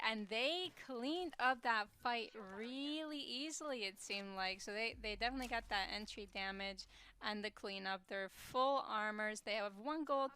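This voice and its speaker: A woman from Canada giving relaxed, self-deprecating color commentary as an esports analyst. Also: fairly high pitch, smooth.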